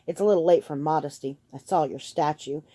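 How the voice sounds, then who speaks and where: A woman's voice: sits low, brisk, warm tone. A woman reading a guarded young male assassin. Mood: tense. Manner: terse, defensive, urgent pleading.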